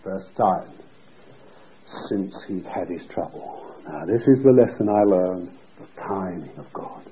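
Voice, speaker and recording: A preacher telling a story in his sermon, acting out the voices and moving between hushed and loud delivery. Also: sits low, lively intonation, measured pace, slight background noise. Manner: vivid, acts out quoted voices, swings between hushed and shouting. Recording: lo-fi phone-like recording.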